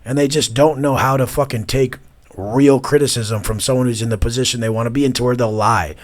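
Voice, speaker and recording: A man in his thirties, a guest in an interview, talking bluntly and profanely, mocking people and bursting into loud imitations. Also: medium pitch, fairly even intonation, brisk.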